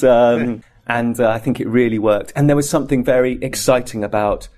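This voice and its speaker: A man talking as an actor in an interview, telling anecdotes in an animated, casual way and acting out bits of scenes. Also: mid-range voice, brisk, hardly any pauses. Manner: animated storyteller, acts out scenes.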